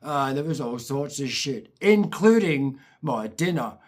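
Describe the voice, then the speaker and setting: A Scottish man telling comic childhood stories in a casual, animated way, with swearing and laughter. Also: mid-range voice, unhurried. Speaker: storyteller, channel host.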